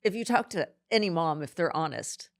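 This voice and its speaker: Woman, middle-aged, interview guest, halting, emotional, lowish voice. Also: expressive. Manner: halting, emotional, many restarts. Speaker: podcast guest.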